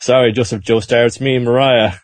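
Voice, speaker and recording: A man's voice: medium pitch, steady tone, no echo, lightly acted. A man doing a cackling, gloating female villain. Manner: taunting, rapid, cackling.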